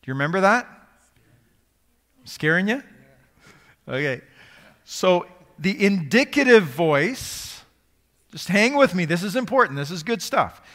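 High-voiced preacher in an echoing hall. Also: male voice, big pitch swings, a little slow, pauses often, bright, forceful tone. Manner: conversational, quizzes the audience. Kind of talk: sermon.

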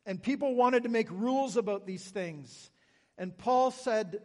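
Canadian-accented male pastor, high voice, conversational sermon with dry self-deprecating humor. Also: unhurried, a little mellow, long reverb tail.

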